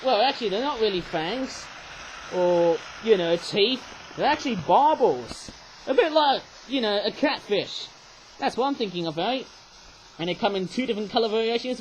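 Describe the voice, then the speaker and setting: A man's voice: high-pitched, rough recording. A man chatting through a casual toy review, rambling on and tagging his sentences with "eh?". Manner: rambling, chatty, tags lines with "eh?"; raising his voice over train noise. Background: toy train running.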